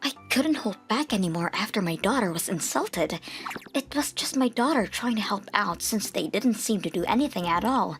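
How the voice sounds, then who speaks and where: A young woman reads a dubbed manga story in the first person. Her delivery is earnest, at an everyday mid pitch. Faint music plays underneath. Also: animated, normal speed, a bit bright. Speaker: narrator. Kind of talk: scripted manga dub narration.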